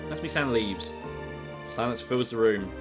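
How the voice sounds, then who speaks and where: A woman's voice: very deep voice, moderate pace. A woman streamer narrating a visual novel playthrough, with wry, chatty asides over game music.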